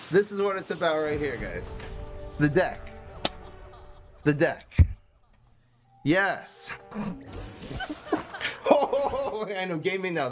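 Excitable high-voiced male game streamer. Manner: excitable, laughing, self-mocking, talks to chat. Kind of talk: live-stream gameplay commentary.

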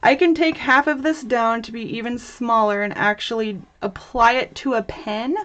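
A woman's voice: a little high, fairly even intonation, moderate pace, fairly bright tone, highs cut off. A young woman hosting a live crafting tutorial, chatty and bubbly, chatting with viewers as she works and laughing often. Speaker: host of a crafting livestream.

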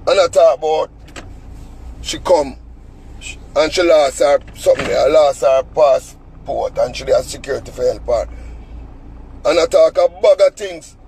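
A man's voice: on the high side, unhurried, gravelly, pauses often, darkish tone, a little hiss or hum, low-quality recording. A Jamaican man telling a story as an angry, cussing rant in heavy patois, sitting in a car. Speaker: vlogger.

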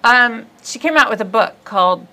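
A woman hosting a podcast in casual comedic chat, rambling, giggly and quick to poke fun at herself. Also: a little high, animated, pushed and bright, rough recording. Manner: rambling, giggly, self-deprecating. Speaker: podcast host.

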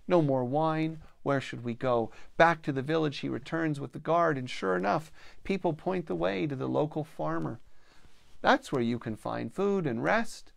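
Slow, gravelly male storyteller. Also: on the high side, dry recording. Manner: slow, measured telling, voicing characters. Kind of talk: spoken storytelling at a spiritual gathering.

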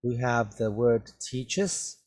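A man leads an English vocabulary lesson at a very slow, careful pace, drawing out and repeating each word for his students. His pitch sits in an ordinary middle range, and he talks through a mask. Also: animated, darkish tone. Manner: very slow, carefully enunciated, repeats words for learners. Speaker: English teacher. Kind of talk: slow classroom reading and vocabulary drill. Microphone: wears a mask while talking.

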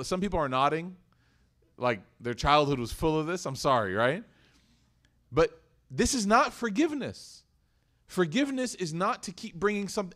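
Animated man preaching to a live crowd. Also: on the high side. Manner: animated, acts out quoted voices, asks the room questions. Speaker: religious teacher. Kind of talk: sermon to a live audience.

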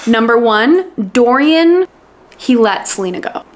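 A book vlogger, a woman with a slightly high voice, talks in a loose, chatty way. She gushes freely and fills her sentences with fillers. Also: expressive, a little slow, a little hiss or hum. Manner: gushing, chatty, many fillers. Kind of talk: casual reading vlog chat.

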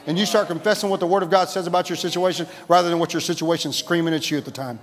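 A pastor preaching a sermon in a church, exuberant, laughing and shouting and calling out to the congregation. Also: male voice, sits high, fast talker, few pauses. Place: church sanctuary. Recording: church hall reverb.

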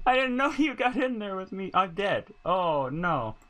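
A man's voice: high-pitched, big pitch swings, unhurried, pushed and bright, slight background noise. A man streaming a horror game, shrieking in panic with nervous laughter. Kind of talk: horror game let's play. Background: game music.

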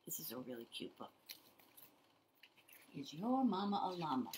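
Animated sing-song older woman. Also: low voice, moderate pace. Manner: animated, sing-song, talks directly to small children. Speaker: children's librarian. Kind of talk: toddler story time and sing-along.

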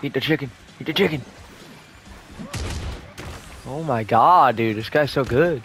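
A young man giving live, excitable commentary over his own gameplay, swearing and shouting at sudden plays. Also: medium pitch, unhurried, slight background noise. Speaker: gaming YouTuber.

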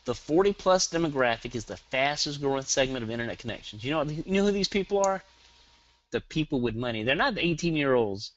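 A man with a Southern accent presenting a live online marketing webinar, energetic and hyperactive, firing rhetorical questions at his audience. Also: a little high, fast talker, hardly any pauses, muffled recording, a little hiss or hum.

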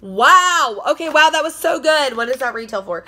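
A young woman talks straight to her camera at home as she unboxes beauty products. Her voice is bright and lively, and she gushes and repeats herself as she goes. A faint hiss runs under the recording. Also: sits high, unhurried. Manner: bubbly, gushing, repeats herself. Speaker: beauty vlogger. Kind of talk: casual unboxing chat. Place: indoors at home.

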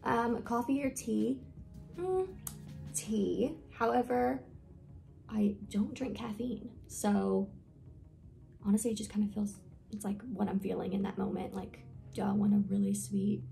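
A woman's voice: medium pitch, a little slow, vocal fry, warm tone, soft background music. A young woman talking casually in a get-to-know-me vlog, rambling with lots of fillers and self-deprecating asides. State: nervous, with hiccups. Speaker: vlogger.

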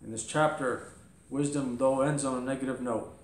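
A man's voice: mid-range voice, steady tone, normal speed, echoey room, slight background noise. A man preaching a sermon as pastor, emphatic, firing rhetorical questions and voicing mock objections. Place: church.

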